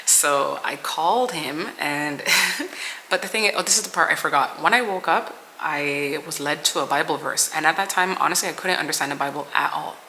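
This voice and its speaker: A woman's voice: low voice, normal speed, pushed and bright, a little hiss or hum, poor audio. A young woman vlogger sharing a personal testimony in an earnest, rambling way, full of "like" and "you know.". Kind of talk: personal testimony, casual storytelling.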